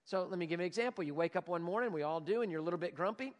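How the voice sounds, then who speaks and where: Man in his forties, pastor, sermon, high voice, shifts from loud emphasis to hushed prayer, long hall reverb. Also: racing.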